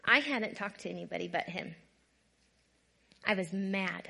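A woman giving a candid personal testimony talk, conversational and often checking in with "right?", moving between soft, quiet passages and louder bursts. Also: medium pitch, a little slow, creaky, breathy edge. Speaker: guest speaker.

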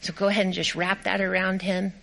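A woman's voice: mid-range voice, little pitch movement, a little fast, gravelly, very noisy. A woman pastor giving a sermon, cheerfully directing volunteers through a skit and reading scripture aloud. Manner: upbeat and encouraging.

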